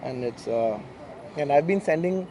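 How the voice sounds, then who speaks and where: A man's voice: on the high side, lively intonation, a little slow, dark tone, a little hiss or hum. A man with an Indian English accent, a native Telugu speaker, giving an emotional, earnest statement at a press conference as a film actor, often repeating himself.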